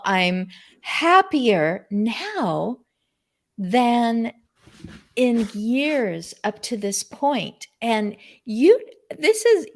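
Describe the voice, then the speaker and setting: A woman hosting an unscripted video-call conversation, talking effusively and with enthusiasm. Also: mid-range voice. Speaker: host.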